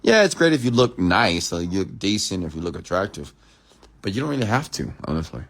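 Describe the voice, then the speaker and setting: A man giving a late-night motivational rant, emphatic and repetitive, sometimes dropping to a hushed whisper to act out lines. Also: low-pitched, very animated, fairly quick. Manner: emphatic, repeats "I'm telling you", drops to a hushed whisper when acting out lines. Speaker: entrepreneur and mentor.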